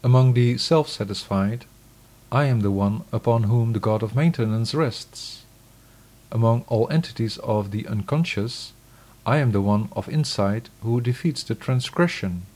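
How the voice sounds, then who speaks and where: A man giving a scripted scripture reading in a measured, solemn, declamatory way. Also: mid-range voice, a little mellow.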